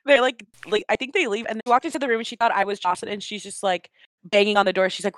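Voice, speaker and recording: A woman's voice: mid-range voice, steady tone, very fast, fairly bright tone. A young woman spinning a story in casual conversation, blunt and swearing freely. She sounds close and dry, with no room echo around her. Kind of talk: casual chat.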